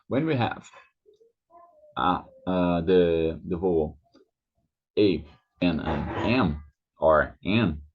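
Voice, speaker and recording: A man with a Brazilian Portuguese accent gives a slow pronunciation lesson, saying each word again and again. His voice sits very low and has a husky edge. The recording sounds dull and lo-fi. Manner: slow, repeats words over and over, drawn-out vowels. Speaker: language teacher.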